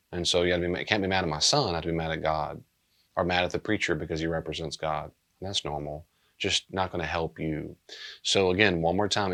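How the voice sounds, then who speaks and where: Low-voiced, subdued man teaching as pastor. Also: a bit bright. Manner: earnest, plain-spoken, subdued.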